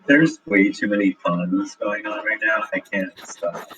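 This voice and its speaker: A man's voice: fairly low pitch, little pitch movement, unhurried, fairly bright tone, highs cut off. Joking man player, far off. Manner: amused, joking.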